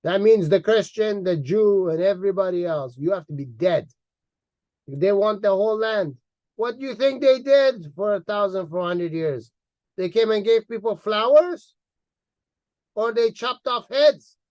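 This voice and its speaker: A man's voice: high voice, measured pace, darkish tone, no echo. A man delivering a heated, mocking monologue as an online commentator, repeating words for emphasis. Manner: angry, mocking, insulting.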